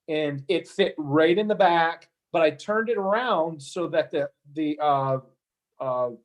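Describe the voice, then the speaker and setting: Man, interview guest, rambling storyteller, slightly high voice. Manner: rambling, frequent restarts and repeated words.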